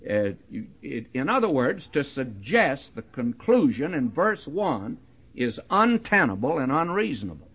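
A man preaches with a husky, slightly high voice that swoops up and down as he stresses his points. He talks to the listeners in a direct, conversational way, as if explaining things to a friend. The recording sounds dull and lo-fi. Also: sing-song, normal speed, fairly bright tone. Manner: emphatic, leans into key words. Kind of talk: verse-by-verse Bible teaching sermon.

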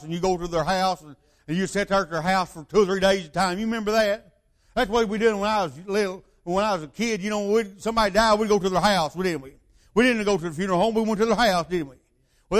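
An older man delivers a sermon in a fairly high voice. He tells the story loosely, full of asides and rhetorical questions put to his listeners. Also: fairly bright tone. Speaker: preacher.

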